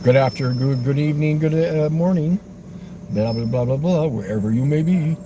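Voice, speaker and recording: High, animated man, teasing car vlogger, loud road noise. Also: moderate pace. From Westchester County, New York. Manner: provocative, teasing, laughs often. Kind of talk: rambling car vlog talk.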